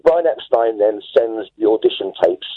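A man's voice: on the low side, expressive, moderate pace. A man calling into a radio show, enthusiastically telling a long rambling story. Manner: enthusiastic, rambling, self-assured. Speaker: caller. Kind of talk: phone-in storytelling. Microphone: telephone. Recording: tinny husky phone line.

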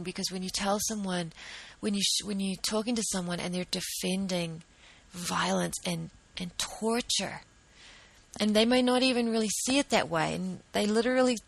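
A woman's voice: mid-range voice, creaky, no room sound, low-quality recording. A woman advocate speaking earnestly and urgently about justice, often restarting her sentences. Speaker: vegan advocate. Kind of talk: impassioned talk to camera.

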